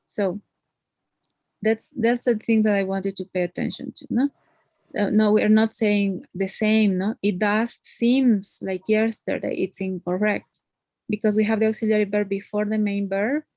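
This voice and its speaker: A woman teaches English grammar in a patient, step-by-step way, often checking in with a quick "no?". Her voice sits at an average pitch. It is recorded close and dry, with no room sound. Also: level tone, darkish tone, dry recording. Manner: patient, explains step by step with frequent tag questions. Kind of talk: one-on-one grammar lesson.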